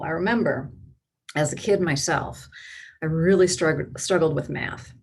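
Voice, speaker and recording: A middle-aged woman with a very husky, breathy voice and a slightly low pitch gives an educational webinar talk to parents. She explains her points step by step and acts out the voices in her examples. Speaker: clinical psychologist presenting to parents.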